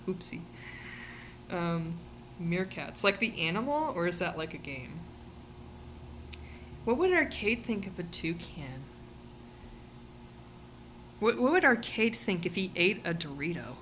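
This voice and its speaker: Giggly, bright-voiced young woman streamer. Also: lowish voice, very animated, slow pace, long pauses, slight background noise. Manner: rambling, giggly, many fillers. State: sore voice. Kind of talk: casual live-stream chat.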